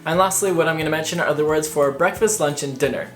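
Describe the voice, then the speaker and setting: A woman's voice: low voice, fast talker. Young woman from Canada, casual vlog, friendly teaching tone, faint guitar behind. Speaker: language vlogger.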